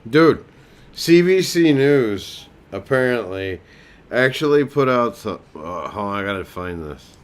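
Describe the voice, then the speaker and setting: A man's voice: mid-range voice, very animated, measured pace. A man hosting a casual livestream chat, talking in a laid-back way that trails off into mumbles. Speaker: host.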